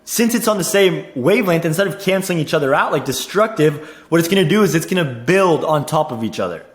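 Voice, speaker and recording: A young man coaching on sales in a casual teaching monologue, energetic, repeating himself and saying "like" and "dude" a lot. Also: on the high side, fast talker, reverberant. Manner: energetic, repeats words, says "dude" and "like" often.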